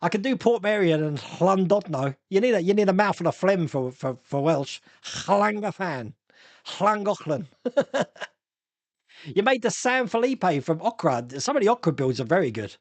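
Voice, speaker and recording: A man's voice: high voice, very animated, moderate pace, no room sound. A middle-aged man hosting a casual live stream, chatting, laughing often, and reading viewer comments aloud. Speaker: host.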